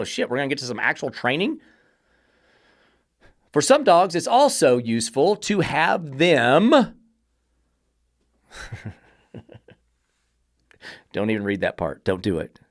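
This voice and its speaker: A man with a fairly high voice rants on his dog-training podcast, sarcastic and exasperated, cursing as he tears into an article. The sound is dry and close, with no room around it. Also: very animated, moderate pace, no room sound. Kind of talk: podcast rant reviewing an article.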